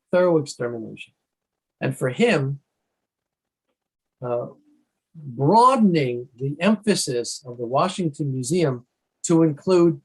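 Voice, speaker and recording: Earnest man, measured answers. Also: a little high, a little mellow, slightly rough, poor audio. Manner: measured, earnest, with frequent uh and restarts. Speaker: author being interviewed. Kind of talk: thoughtful interview answers.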